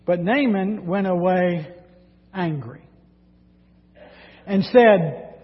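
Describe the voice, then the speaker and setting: A man preaching a sermon, reading scripture dramatically and speaking in an animated way. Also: high-pitched, unhurried. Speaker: pastor. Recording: dull sound with long hall reverb.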